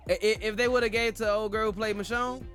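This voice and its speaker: A man co-hosting a casual online radio talk show, animated and quick to laugh as he argues his point. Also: sits high, faint music behind. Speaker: podcast co-host. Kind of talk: casual chat.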